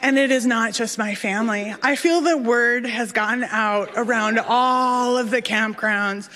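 A woman telling a personal story on stage with an animated, self-deprecating comic delivery. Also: a little high, unhurried. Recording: reverberant hall.

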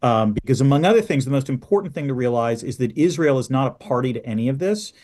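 Male guest expert, analytical, measured delivery. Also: medium pitch, animated, a little mellow. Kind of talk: radio interview.

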